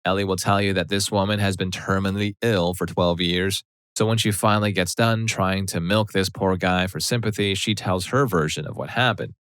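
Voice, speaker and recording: A man narrating a Reddit story aloud in a plain, steady telling. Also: fairly low pitch, normal speed, clean tone, dry recording.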